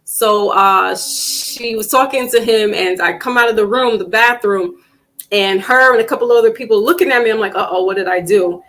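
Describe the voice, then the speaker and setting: A woman hosting a casual live-stream panel, chatting loosely with plenty of fillers and restarts and getting animated when she tells a story. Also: on the high side, normal speed, poor audio. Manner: animated when telling stories.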